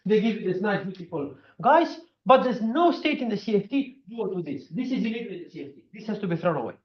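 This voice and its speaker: A man giving a physics seminar talk, animated and full of fillers like "you know". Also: high voice, fast. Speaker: physics speaker. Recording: echoey room, dull lo-fi sound.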